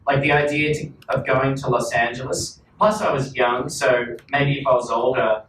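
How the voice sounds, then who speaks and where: A man's voice: medium pitch, normal speed, fairly bright tone, slight background noise. A man in his forties with an Australian accent, a panel guest telling rambling, self-mocking stories in casual talk. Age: 40s. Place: large hall at a public talk. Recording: echoey hall, distant, faint ambience.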